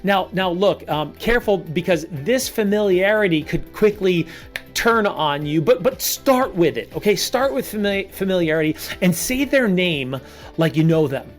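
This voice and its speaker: A man coaching salespeople in an energetic video lesson. He talks standing up, projects energy on purpose and repeats short punchy phrases. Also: sits high, moderate pace, faint music behind. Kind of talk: energetic coaching monologue to camera.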